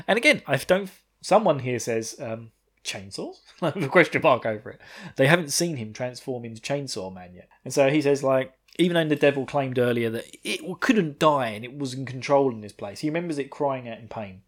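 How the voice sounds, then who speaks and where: A man's voice: medium pitch, animated, a little fast. A man hosting a podcast, casually recapping an anime episode, rambling, laughing often and swearing freely. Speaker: podcast host.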